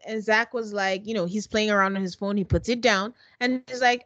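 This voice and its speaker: Animated laughing woman podcast host. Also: mid-range voice, moderate pace, hardly any pauses, no echo, dull audio. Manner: animated, laughing often, acts out quotes. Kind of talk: casual recap chat.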